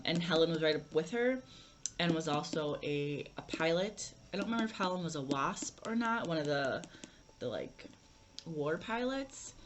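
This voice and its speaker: A woman's voice: lowish voice, a little hiss or hum. A young woman vlogging a casual book review, rambling with lots of fillers and restarts.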